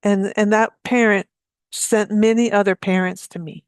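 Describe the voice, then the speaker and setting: A woman giving a talk, telling a story from her healing practice in a soft, conversational way. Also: mid-range voice, steady tone, normal speed, dry recording, studio quality. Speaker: speaker giving a free talk.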